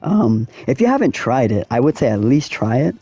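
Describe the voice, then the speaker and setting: A man's voice: medium pitch, big pitch swings, normal speed, mellow, breathy edge, no echo. Laid-back young man streaming a racing game. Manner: laid-back slangy, chats with viewers while racing. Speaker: gaming streamer. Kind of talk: casual live-stream commentary.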